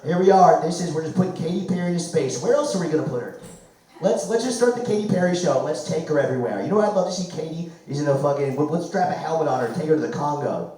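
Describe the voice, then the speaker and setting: A man doing a loud, crude stand-up set, his voice going hoarse. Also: on the high side, animated, fast. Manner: loud, crude, rambling jokes. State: losing his voice. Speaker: stand-up comic. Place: comedy club stage. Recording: echoey room, mic far off.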